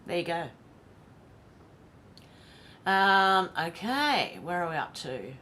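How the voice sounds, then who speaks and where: A woman's voice: lowish voice, very animated, slow pace, sharp tone. A woman from Australia with an Australian accent, hosting a live stream in a casual, chatty way, often laughing to herself as she reads out viewer comments. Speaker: livestream host.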